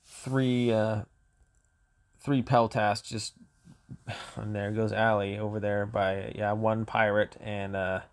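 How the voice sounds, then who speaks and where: A man's voice: lowish voice, level tone, takes it slowly, long pauses. A man commentating his own gameplay for his channel, grumbling and exasperated, often sighing. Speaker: gaming channel host.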